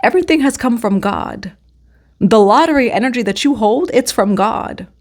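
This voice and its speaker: A woman's voice: a little high, lively intonation, normal speed. Woman reading tarot cards for her viewers, chatty and encouraging, hums bits of songs in between. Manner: chatty, affirming, sings snatches of songs. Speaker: tarot reader. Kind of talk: casual spiritual tarot reading.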